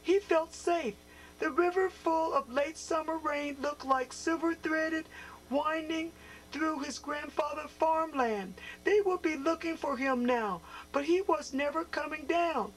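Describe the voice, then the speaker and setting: Brief: friendly puppet storyteller for kids, very high voice, played by a woman. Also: measured pace, slight background noise, poor audio. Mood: storytelling. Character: male puppet host, friendly storybook reader. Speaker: children's show host. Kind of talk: reading a picture book aloud to children.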